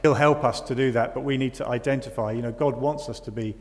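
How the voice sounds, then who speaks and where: Speaking quickly with a steady, darkish tone at medium pitch, this man delivers a sermon as if chatting, often tossing rhetorical questions at the congregation. A hall's lengthy reverb surrounds his voice.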